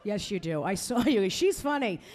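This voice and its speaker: A woman's voice: medium pitch, sing-song, moderate pace, background noise. A woman comedian doing a stand-up set on a comedy club stage, brash and crude as she teases the crowd into a handheld mic.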